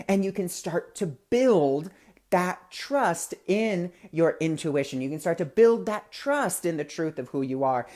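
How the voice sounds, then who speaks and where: A man's voice: fairly high pitch, darkish tone. Chatty man hosting a spiritual talk. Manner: chatty, anecdotal, conversational. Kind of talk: casual spiritual teaching talk.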